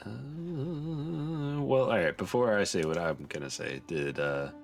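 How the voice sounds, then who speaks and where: A man's voice: lowish voice, slow, vocal fry, faint music behind. A man playing in a tabletop game, laid-back, talking to the stream chat. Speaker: player. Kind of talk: casual chat.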